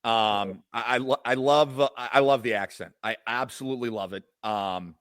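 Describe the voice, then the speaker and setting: A male podcast co-host with an enthusiastic, laugh-filled way of talking. His voice is recorded close and dry, with no room sound. His pitch is average for a man. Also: moderate pace, a bit bright, dry recording. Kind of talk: casual podcast interview.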